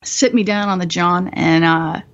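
This guest's voice is fairly low and a bit slow, with fairly even intonation and a fairly bright tone. A woman in her twenties, she tells her story on a podcast candidly and profanely, poking fun at herself and laughing often, and the audio is slightly dull.

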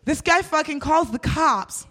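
Animated young woman telling a wild story. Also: a little slow. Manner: animated, swears freely, acts out quotes with big pitch jumps. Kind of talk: casual storytelling chat.

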